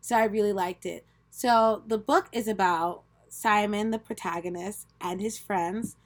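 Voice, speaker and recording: A woman's voice: mid-range voice, fairly even intonation, measured pace. A young woman co-hosting a book podcast, giggling often as she leads the summary. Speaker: podcast co-host. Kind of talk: casual chat.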